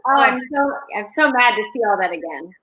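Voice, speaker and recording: Woman guest co-host, animated voice, laughs easily, video call. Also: on the high side, slight background noise, rough recording. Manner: lively, quick to laugh. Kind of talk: casual chat.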